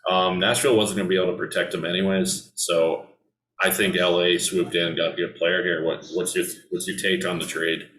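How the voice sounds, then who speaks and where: A man's voice: sits low, flat delivery, a little fast, a bit bright, roomy sound, rough recording. A man hosting a casual hockey podcast, talking loosely with many ums and restarts. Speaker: podcast host. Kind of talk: casual sports chat.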